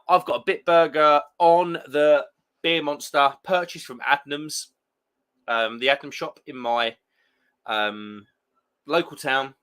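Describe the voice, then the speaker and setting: A man's voice: on the high side, fairly bright tone, clear, resonant tone. A man hosting a beer live stream, chatting casually and rambling through viewer comments with plenty of restarts. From England.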